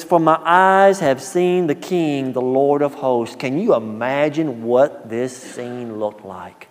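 A man preaching a sermon, telling a story in a folksy, animated way that swings from hushed asides to loud, emphatic quotes. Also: on the high side, unhurried. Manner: folksy, repeats words at the start of phrases. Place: church sanctuary. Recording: long church-hall reverb.

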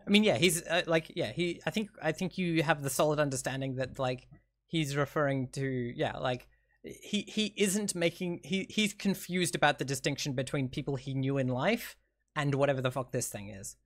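Casting: game master narrator, rambling, higher voice. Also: male voice, normal speed. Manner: filler-heavy, meandering narration.

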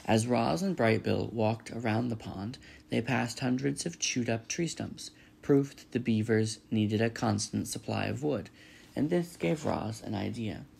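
Gravelly-voiced man reading a story. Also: medium pitch, a little slow. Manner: steady storytelling. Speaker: reader. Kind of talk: reading a children's novel aloud.

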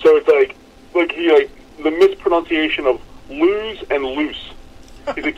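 Animated, laughing man telling stories. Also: on the high side, unhurried, lo-fi sound. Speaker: podcast co-host. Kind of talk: casual chat.

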